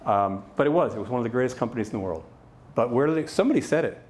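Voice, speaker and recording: A man's voice: mid-range voice, lively intonation, rapid-fire, darkish tone. A middle-aged man giving a live conference talk as keynote speaker, with playful joking asides to the audience.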